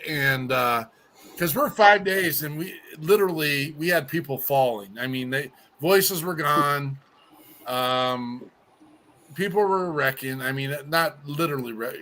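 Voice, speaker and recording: Bright-voiced man who stammers through stories. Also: a little high. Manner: rambling, stutters and restarts. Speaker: musician guest. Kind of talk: casual podcast chat.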